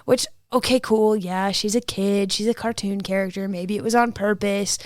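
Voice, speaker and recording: A woman's voice: mid-range voice, fairly even intonation, normal speed, a little mellow, no room sound. Woman, from Indiana, podcast co-host, opinionated, casual chat, dry close-mic sound. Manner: chatty, opinionated, filler-heavy. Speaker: guest co-host.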